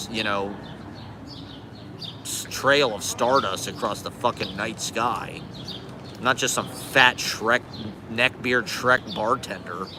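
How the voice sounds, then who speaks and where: A man's voice: medium pitch, noisy background. A man in his forties live streaming outdoors on a city street from a handheld phone, ranting in a rambling, profane, sarcastic and self-deprecating way. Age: 40s. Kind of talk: casual live stream rant.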